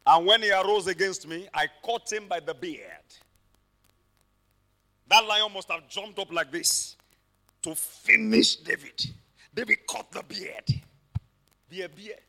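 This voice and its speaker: A man preaches in a high, very bright, cutting voice. He tells his stories with drama and often builds up to shouts. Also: unhurried, vocal fry, long pauses. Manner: dramatic storytelling, shouting peaks. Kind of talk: sermon.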